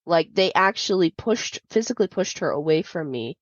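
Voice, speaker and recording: A woman's voice: on the low side, animated, moderate pace, dry recording. A woman hosting a podcast, telling a personal story in a candid, confiding way with many fillers. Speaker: podcast host. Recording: dull lo-fi dry sound.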